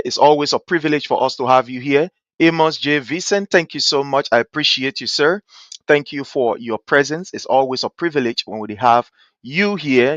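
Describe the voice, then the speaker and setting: A man's voice: a little high, a bit bright, dry recording. A man with a Liberian English accent hosting a live-stream talk show, greeting viewers by name with effusive thanks and pleading appeals. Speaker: livestream show host. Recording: dull, dry lo-fi stream audio.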